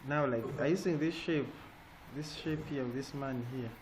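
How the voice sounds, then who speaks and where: Over noisy online call audio with a crowd audible behind him, a man leads a design class. His pitch is medium and his speed normal, and he keeps stopping to ask "eh?" or "yeah?".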